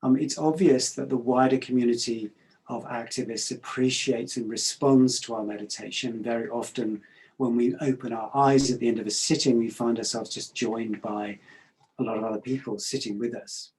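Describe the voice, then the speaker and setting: A middle-aged man giving a reflective talk, calm and measured, pausing often with hesitations. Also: mid-range voice, poor audio.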